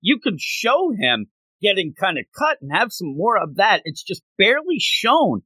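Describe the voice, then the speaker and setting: A man's voice: sits high, very animated, moderate pace, sharp tone, no echo. A man hosting a casual comic book review podcast, talking animatedly and acting out characters. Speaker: podcast host.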